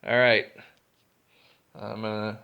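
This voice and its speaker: A man's voice: fairly low pitch, level tone, takes it slowly, clear, resonant tone, muffled recording. A man telling a story in a casual, blunt and profane way, with laughs between lines. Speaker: storyteller vlogger.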